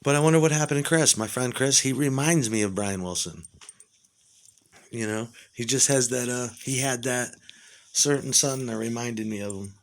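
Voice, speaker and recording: A man's voice: medium pitch, normal speed. Profane rambling male storyteller. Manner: profane, rambling, excitable when retelling. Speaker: musician. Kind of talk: casual storytelling monologue.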